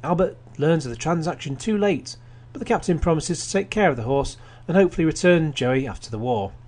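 On the high side and a little mellow, this man's voice is expressive and brisk as he hosts a radio film program. He casually reads plot summaries with wry asides, frequently restarting.

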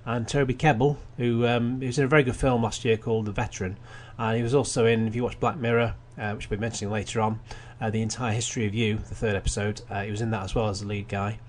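Chatty radio host. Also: male voice, lowish voice, flat delivery, quick pace, hardly any pauses, a little hiss or hum. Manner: chatty, wry asides, frequent restarts. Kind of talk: casual radio film review.

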